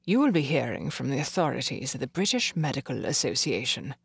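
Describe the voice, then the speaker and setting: A reader voicing a stern pompous Victorian doctor. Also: male voice, mid-range voice, sing-song, brisk, gravelly, husky, no echo, studio quality, pitched below the performer's own voice, heavily acted. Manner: cold, acid, moralizing.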